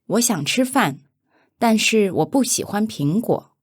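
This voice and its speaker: A woman giving model pronunciations for a language course, speaking each phrase slowly and deliberately, twice over. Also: mid-range voice, expressive, breathy edge, dry recording, clean studio sound. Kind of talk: slow repeated pronunciation examples.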